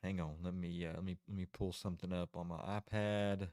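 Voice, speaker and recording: Male streamer, low voice, casual, laughs easily, keeps stalling. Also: fairly even intonation, a little fast, darkish tone, no room sound, studio quality. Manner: chatty, giggly, keeps stalling. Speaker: livestream host. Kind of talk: casual livestream chat.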